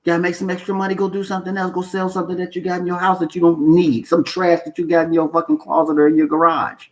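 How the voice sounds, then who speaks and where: Here the trading-channel host sounds high and monotone, rushing through his words over rough audio. Unscripted and facing the camera, he coaches bluntly, hammers points home by repeating them, curses for stress, and keeps checking in with "okay?" and "you know why?"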